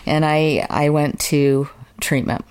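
A woman with an unusually deep, low-pitched voice speaks as a guest in an interview. She tells her own story in an earnest, open and emotional way, now and then making fun of herself. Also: fairly even intonation, takes it slowly, darkish tone, smooth. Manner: earnest, open and emotional, sometimes self-mocking. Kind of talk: candid personal storytelling in an interview.

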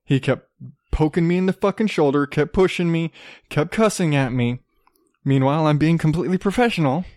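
Profane ranting man, higher voice, dry sound. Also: brisk, a little mellow, dry recording. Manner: profane, ranting, acts out both sides of arguments. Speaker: podcast host. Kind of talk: profane storytelling rant.

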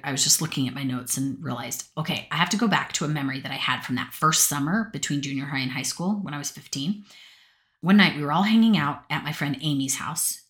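A woman's voice: a bass voice, fairly bright tone. A woman from Utah telling personal stories from her notes in a chatty, rambling way, often breaking into laughter and asides. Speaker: podcast storyteller. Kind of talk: casual personal storytelling.

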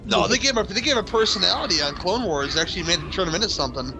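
A man's voice: high-pitched, lively intonation, rapid-fire, vocal fry, music in the background. A man co-hosting a casual movie commentary, with crude joking banter. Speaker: podcast co-host.

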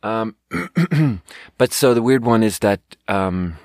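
Deep-voiced rambling Swedish man. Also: lively intonation, slow pace, darkish tone, no echo, clean studio sound. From Sweden. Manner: rambling, profane, self-mocking. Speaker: podcast host and restaurant server. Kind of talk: casual storytelling monologue.

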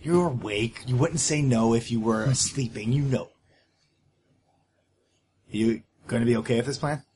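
A man voicing a loyal young fighter who speaks in halting, heartfelt bursts, confessing his fears to a companion. His voice sits at an ordinary middle pitch. A faint hiss of room noise sits behind him. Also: darkish tone, natural voice. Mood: earnest. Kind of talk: in-character tabletop role-play.

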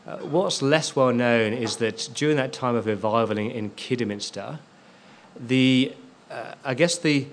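A man's voice: mid-range voice, unhurried, a little hiss or hum. A man preaching a sermon as a pastor, stressing key words and repeating them for emphasis.

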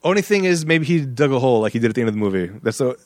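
A man's voice: medium pitch, animated, rapid-fire, a little mellow, no room sound. A man hosting a casual movie podcast, joking and chuckling through his points. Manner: chuckling, jokey asides.

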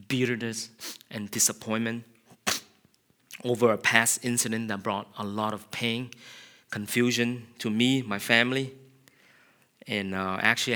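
A man preaching an earnest, confessional sermon. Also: mid-range voice. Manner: earnest, confessional, builds to loud passionate shouting. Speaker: pastor.

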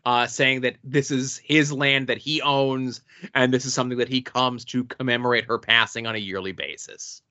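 A man co-hosting a podcast, giving brisk, offhand commentary on comic issues in casual chat. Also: mid-range voice, fairly even intonation, sharp tone, highs cut off. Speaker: comic book podcast co-host.

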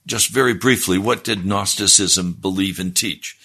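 A man preaching a sermon, explaining scripture in a deliberate, teaching manner. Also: low voice, gravelly, bright, forceful tone, slightly rough.

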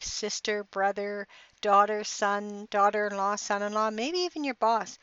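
This podcast host is a middle-aged woman whose fairly high, slightly bright voice carries an upbeat, inspirational, encouraging tone on her motivational show. There's no room sound, and the audio has a dry, dull lo-fi podcast quality.

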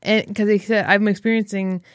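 A woman's voice: mid-range voice, little pitch movement, moderate pace, dry recording, clean studio sound. Joking, foul-mouthed Midwestern woman. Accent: American Midwestern. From American Midwest. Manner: loud, joking, swears freely, puts on silly quoted voices. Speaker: podcast co-host. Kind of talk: casual chat.

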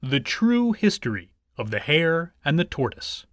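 Expressive man reading fables aloud. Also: on the high side, unhurried, no room sound, clean studio sound. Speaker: reader. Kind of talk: storybook narration.

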